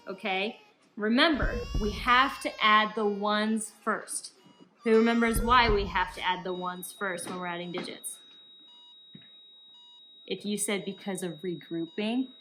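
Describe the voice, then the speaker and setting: A woman's voice: mid-range voice, background noise. A young woman teacher giving upbeat, encouraging instructions to young children in a recorded remote lesson. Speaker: elementary school teacher.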